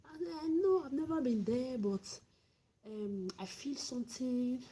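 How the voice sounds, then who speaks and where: A woman's voice: high voice, expressive, measured pace, warm tone, breathy edge. A middle-aged woman giving blunt, exhorting advice on a livestream, often repeating herself. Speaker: livestream host.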